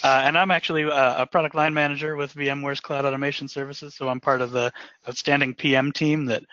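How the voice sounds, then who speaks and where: A man's voice: mid-range voice, little pitch movement, fast, pushed and bright, no echo. A man speaks on a tech panel with wry, self-deprecating humor. The recording is dry and a little dull. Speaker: product line manager, guest. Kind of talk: casual panel chat.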